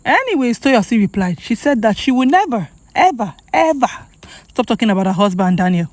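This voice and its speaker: A woman's voice: medium pitch, lively intonation, fast talker, dry recording. Chatty Nigerian woman vlogger, dry sound. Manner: chatty, emphatic, repeats for effect. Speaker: celebrity gossip vlogger. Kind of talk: casual commentary to camera.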